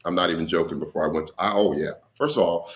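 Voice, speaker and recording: A man's voice: low voice, fast talker. A man, a comedian, telling stories from his career in an interview, acting out the dialogue and laughing. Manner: animated storyteller who acts out dialogue and laughs. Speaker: comedian guest. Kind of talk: storytelling in an interview.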